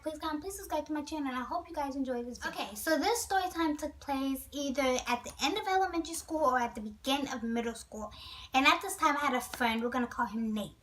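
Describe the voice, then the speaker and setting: High-voiced chatty woman vlogger. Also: far from the mic, slight background noise, poor audio. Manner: chatty, animated, with asides to viewers. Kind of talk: storytime vlog.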